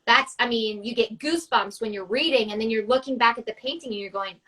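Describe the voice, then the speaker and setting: A woman artist and coach chatting on a video call, telling lively stories and acting out the people in them. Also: on the high side, fast talker, low-quality recording. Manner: animated storyteller, acts out quotes. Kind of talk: casual conversation.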